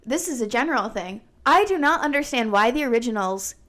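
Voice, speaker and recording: A woman co-hosting a podcast in casual chat, talking with lots of fillers and animated retellings. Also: a little high, a little fast. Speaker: podcast co-host.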